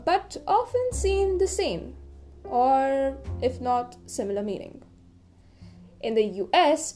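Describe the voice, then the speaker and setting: A young woman with a warm, fairly high voice hosts an educational podcast explaining English dialects. She reads her script in a playful, chatty way, tossing in jokey asides.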